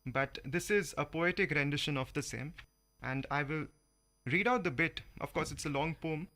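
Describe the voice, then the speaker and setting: A man from India hosting a community radio show, reading a comic animal poem aloud with slow, measured delivery. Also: fairly high pitch, pushed and bright. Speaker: radio host. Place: radio studio.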